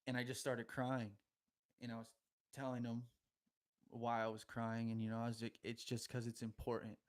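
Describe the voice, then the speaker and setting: On a podcast, a young man tells a long, rambling story packed with slang and loose asides, laughing often along the way. His middle-pitched voice is delivered completely flat at normal speed.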